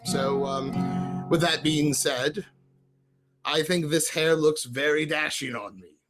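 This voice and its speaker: A man's voice: a little high, slow, a bit bright, soft background music. A man hosting a casual livestream from home, speaking in an affected British-sounding accent that comes and goes as he rambles and answers viewers' chat messages. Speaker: livestream host.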